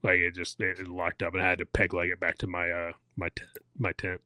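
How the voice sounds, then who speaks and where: Man, 40s, podcast co-host. Very low pitch, bright and forceful tone, dry close sound. Rambling, filler-heavy, self-mocking storyteller. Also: monotone, brisk, no room sound. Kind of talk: casual chat, recounting an endurance event.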